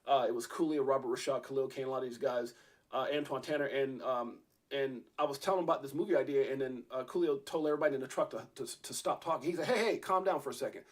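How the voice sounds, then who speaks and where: A man's voice: mid-range voice, fast talker. A man hosting an interview, telling a long rambling story with many restarts and fillers. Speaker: podcast host.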